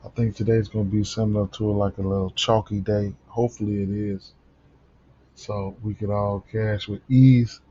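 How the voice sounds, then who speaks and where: A man's voice: fairly low pitch, little pitch movement, normal speed, dark tone, dull audio, slight background noise. A man hosting a casual sports betting picks rundown, sleepy in the early morning and rambling with many fillers and restarts.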